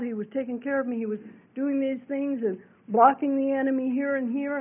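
A woman's voice: high voice, narrow, tinny audio. A middle-aged woman preacher giving a sermon and personal testimony, talking earnestly and conversationally with many fillers.

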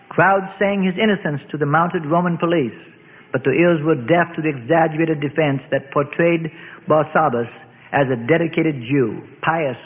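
Male narrator, dramatic historical storytelling, fairly high voice, phone-thin radio recording. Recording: phone-like radio sound, long reverb.

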